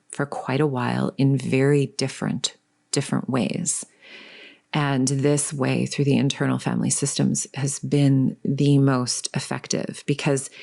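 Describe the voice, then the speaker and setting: A woman in her forties hosting a reflective solo podcast as a coach, talking gently and unhurriedly, sometimes dropping to a soft whisper. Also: rumbling low, vocal fry.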